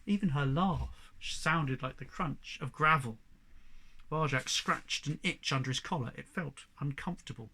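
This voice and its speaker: A man reading a children's novel aloud as narrator, measured and expressive. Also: mid-range voice, husky. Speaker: audiobook narrator. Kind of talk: storybook narration.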